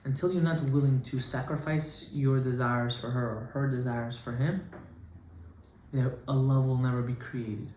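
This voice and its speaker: A man giving an informal Torah class as a rabbi, animated and conversational, with Hebrew terms mixed in. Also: medium pitch, normal speed. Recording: echoey room with faint noise.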